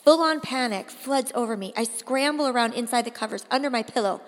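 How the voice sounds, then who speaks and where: A woman narrating a first-person audiobook in an expressive, deliberate way. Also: fairly high pitch, in a large hall. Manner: expressive, slow and deliberate, rising to cries in dialogue.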